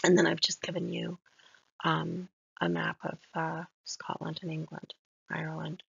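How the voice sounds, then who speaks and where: A woman gives a recorded mini-lecture on a poem, reflective, admiring and soft-spoken as she moves through its lines. Her voice is low, level, measured, gravelly and slightly rough. The recording is dull, lo-fi and dry.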